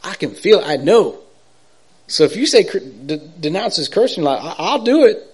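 An earnest man with a slightly high voice tells his own faith story. He rambles and restarts, checks in with his listeners, and moves between soft, hushed passages and loud, excited bursts. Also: normal speed, slightly rough. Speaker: speaker giving a personal faith testimony. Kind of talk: personal testimony storytelling.

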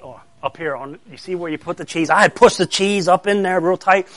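A man's voice: high voice, fairly even intonation, fairly quick, few pauses, a bit bright. A middle-aged man, a pastor telling a story to children and asking them questions as he goes. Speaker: pastor giving a children's sermon.

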